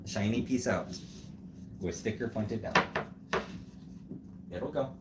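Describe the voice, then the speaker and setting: This middle-aged American husband has a fairly low voice, a slow pace, and a roomy sound. On their noisy home livestream, he walks his wife through a build one step at a time, teasing her as they chat casually.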